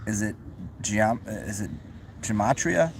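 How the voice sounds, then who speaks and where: A man's voice: on the low side, animated, unhurried, creaky, a little hiss or hum. A young man casually chatting on a livestream, reading out comments, rambling with many restarts, laughing often and swearing freely. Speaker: livestream host.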